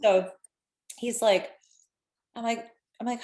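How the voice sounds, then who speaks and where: A woman's voice: medium pitch, lively intonation, brisk, a little mellow. A woman in her thirties hosting a live stream, chatting casually and animatedly with lots of fillers.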